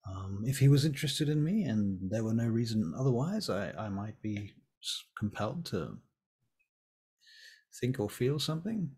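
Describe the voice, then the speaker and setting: Halting shy guy with a husky voice man doing it, picks his words slow. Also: medium pitch, big pitch swings, dark tone. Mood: guarded. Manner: hesitant, halting.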